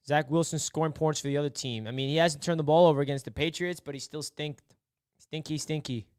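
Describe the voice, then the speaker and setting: A man's voice: a little high, steady tone, fairly quick, a little mellow, clear, resonant tone, no echo, studio quality. A young man hosting a casual live sports stream, rambling and mock-despairing, repeating himself.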